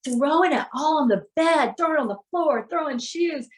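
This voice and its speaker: A woman's voice: sits high, animated, moderate pace. A middle-aged woman, a healer and podcast guest, candidly retelling a hard personal day with emotion and lots of fillers.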